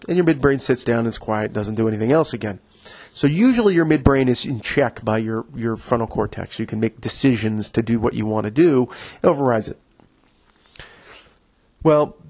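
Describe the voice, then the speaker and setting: A man's voice: medium pitch, a little mellow, poor audio. A man hosting a podcast, explaining things in a casual, conversational way with frequent restarts. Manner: conversational, full of restarts, acts out inner voices. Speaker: podcast host.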